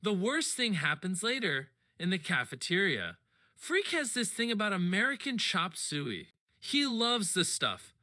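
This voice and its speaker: Animated bright male storyteller. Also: high voice, a little slow. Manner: animated, expressive. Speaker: audiobook reader. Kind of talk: first-person story narration.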